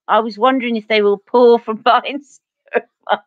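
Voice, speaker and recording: A woman's voice: on the high side, fairly even intonation, normal speed, dry recording, phone-quality sound. A woman with an Essex accent chatting through a live makeup tutorial, answering viewer comments as she goes. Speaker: beauty vlogger.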